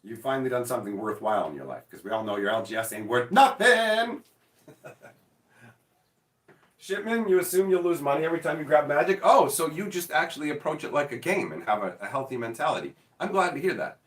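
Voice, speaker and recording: A lively, fairly high-voiced man swings his pitch all over while he acts out stories in mock dialogue and swears without restraint. He sits back from the mic in an echoey room. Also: brisk, recorded from a distance. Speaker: show host. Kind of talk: casual chat.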